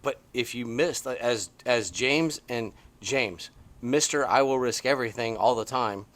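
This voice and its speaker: A middle-aged man co-hosting a podcast, chatting casually from a porch outdoors and telling stories with excited, swinging emphasis. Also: unhurried. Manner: animated, excitable storytelling with big swings in pitch. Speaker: podcast co-host. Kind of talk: casual chat.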